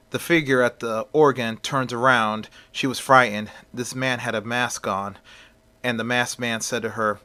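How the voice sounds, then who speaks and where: A man's voice: mid-range voice, steady tone, a little slow, sharp tone. A man narrating a fan-made story in a plain reading voice, with small slips.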